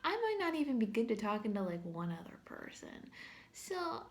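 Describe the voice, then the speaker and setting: Reluctant, hesitant biblical man in modern slang , put on by a woman, fairly high voice. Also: sing-song, moderate pace, echoey room. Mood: anxious, pleading. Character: reluctant anxious biblical man, self-doubting.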